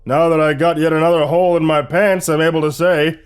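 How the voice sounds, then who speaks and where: A man voicing an excitable, goofy young man who talks eagerly and loudly. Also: fairly high pitch, a little fast, clear, resonant tone, voice pushed up, close to an everyday voice. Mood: excited. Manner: eager, loud, upbeat.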